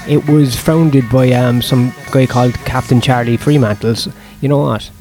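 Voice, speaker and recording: A man's voice: medium pitch, fairly even intonation, normal speed, darkish tone, faint music behind. Profane, rambling comedian man. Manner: profane, self-deprecating, rambling. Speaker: stand-up comedian. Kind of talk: casual vlog monologue.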